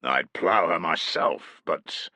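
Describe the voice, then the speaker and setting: A man voicing a hearty, bawdy male tribal host who leers and jokes loudly in an audiobook. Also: low voice, expressive, takes it slowly, no echo, exaggerated voice. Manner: boisterous, leering. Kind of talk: audiobook character voice.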